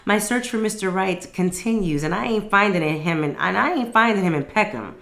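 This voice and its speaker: A woman's voice: mid-range voice, expressive, brisk, gravelly, a bit bright. A woman reading aloud as a fiery, outspoken young woman friend, blunt and full of slang. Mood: chatty.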